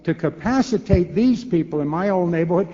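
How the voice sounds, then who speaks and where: A man in his sixties, a former governor, answering a question at a forum with animated, rhetorical talk, acting out both sides of dialogues and repeating words as he restarts. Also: sits high, a little fast. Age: 60s. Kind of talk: lecture-hall Q&A answer. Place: large lecture hall. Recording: echoey hall, dull lo-fi tape.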